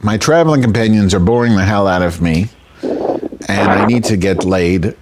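A man's voice: lowish voice, moderate pace, noisy background. A man hosting a show, telling a raunchy comic story in a rambling, self-interrupting way. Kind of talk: crude comedic storytelling.

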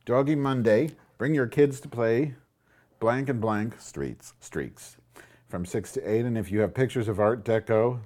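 A man with a mid-range, darkish voice speaks unhurriedly while hosting a crude, rambling live webcam show from his home. He swears at viewers, mock-insults them with sarcasm, and mutters asides as he makes tea, all picked up by a computer microphone.

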